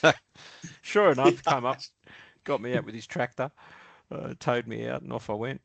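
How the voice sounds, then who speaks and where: A man's voice: medium pitch, moderate pace, creaky, pauses often, dry recording. An Australian man around sixty, a podcast guest telling stories in a loose, rambling way with lots of ums, restarts and chuckles. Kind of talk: casual storytelling interview.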